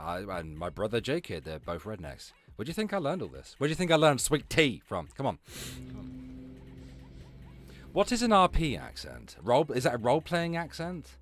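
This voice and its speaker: A man from West London with a flattened London accent, hosting a live stream and reacting to clips in a sarcastic, sweary way. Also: medium pitch. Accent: London English, flattened. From West London, England. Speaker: streamer host. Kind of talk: casual live-stream commentary.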